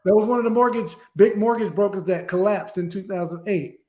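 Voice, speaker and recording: A middle-aged man as a guest speaker, telling a story with lively acted-out dialogue in an interview. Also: high-pitched, brisk, over a noisy crowd. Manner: animated storyteller acting out quoted dialogue.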